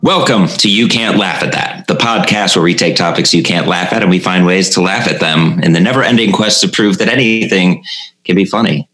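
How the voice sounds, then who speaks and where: Low, bright-voiced man hosting a podcast. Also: soft background music, low-quality recording. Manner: laughs a lot, halting phrases. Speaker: podcast host.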